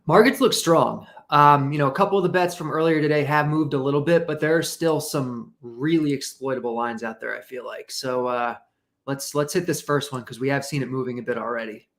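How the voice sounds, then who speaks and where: A man's voice: mid-range voice, a little fast, fairly bright tone. A man talking through a betting analysis casually, reasoning aloud with fillers like um and you know. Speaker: analyst guest.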